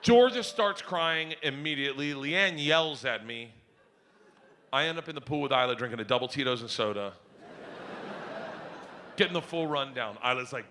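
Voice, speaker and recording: A middle-aged man telling profane stand-up stories, breaking into shouts. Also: medium pitch, lively intonation, moderate pace, pauses often, a little hiss or hum. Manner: rowdy, profane storytelling with shouted bursts. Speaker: stand-up comedian. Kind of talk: stand-up comedy routine. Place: stage before a live audience.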